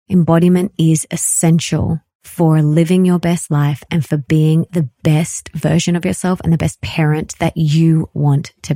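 A woman in her thirties hosting her own podcast, talking earnestly and effusively, repeating phrases and slowing down to stress them. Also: low voice, warm tone, dry recording, studio quality. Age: 30s. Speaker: podcast host. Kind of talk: heartfelt solo podcast monologue.

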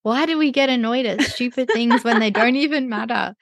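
A woman co-hosting a casual wellness podcast, chatty and quick to agree, often saying "like". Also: a little high, no room sound. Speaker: podcast co-host.

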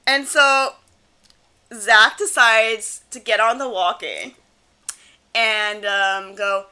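Bright-voiced laughing woman podcast host. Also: fairly high pitch, extremely slow, pauses often, smooth. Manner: laughs often, acts out quotes with profanity. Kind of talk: casual recap chat.

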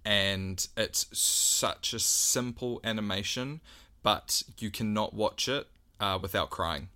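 A man with a bright, slightly low voice co-hosts a casual podcast. He talks haltingly, full of ums and false starts. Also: smooth. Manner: hesitant, halting, many ums. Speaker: podcast co-host.

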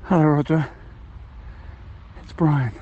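A man's voice: on the high side, fairly even intonation, slow, slightly rough, phone-quality sound. A man leaving rambling, cheerful voicemails as a balloon ride passenger, with many hesitations. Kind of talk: comic voicemail monologue.

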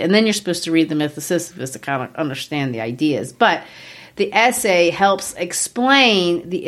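A woman co-hosting a casual literary discussion, explaining ideas in a measured way with occasional playful asides. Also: fairly low pitch. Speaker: podcast co-host.

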